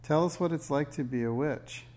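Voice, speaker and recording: A man's voice: fairly high pitch, normal speed, darkish tone, pitched above the performer's own voice, natural voice. A man voicing an eager, pushy young boy in a storybook reading.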